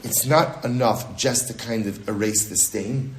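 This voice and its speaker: Animated rabbi teaching Talmud. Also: male voice, on the low side, unhurried, roomy sound. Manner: animated, repeats phrases, reads Aramaic then explains in English. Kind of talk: daf yomi Talmud class.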